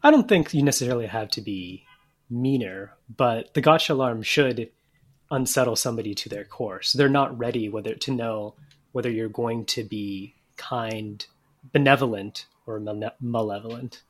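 A man's voice: mid-range voice, moderate pace. A man, a comedian guest on a podcast, making mock-earnest suggestions in a dry manner. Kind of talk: casual comedy podcast chat.

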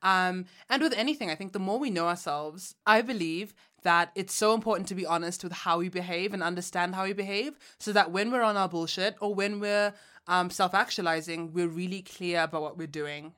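A woman from Uganda co-hosting a podcast in casual chat, animated and frank, laughing often and using slang. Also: on the low side, a little fast. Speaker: podcast co-host.

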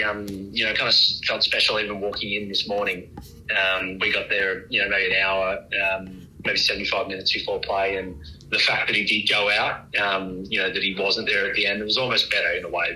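A man, a cricket reporter on a podcast, chatting in a relaxed, rambling way with many fillers and restarts. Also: low-pitched, low-quality recording. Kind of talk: casual podcast chat. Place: at the ground, with faint ambience behind.

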